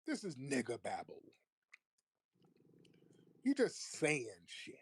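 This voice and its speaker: A man's voice: mid-range voice, huge pitch swings, takes it slowly, husky. A man hosting a call-in livestream, arguing with callers in a combative, mocking, profane way. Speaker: livestream host. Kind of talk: heated call-in debate.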